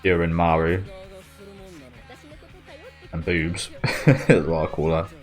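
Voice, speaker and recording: A man's voice: deep voice, flat delivery, takes it slowly, soft background music. A man giving a casual, rambling reaction commentary on an anime trailer, often trailing off as he searches for words. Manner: rambling and chatty, often losing his train of thought.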